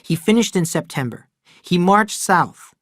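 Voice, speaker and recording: A man's voice: high voice, animated, a little slow, no echo, pitched above the performer's own voice. A man voicing a strained, anxious brother. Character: anxious troubled grown brother.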